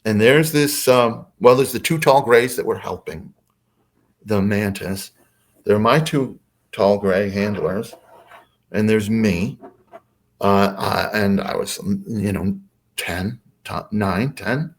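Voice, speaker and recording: A man's voice: on the low side, slow pace. A man who is a podcast guest, telling a story casually and hesitantly, with many fillers.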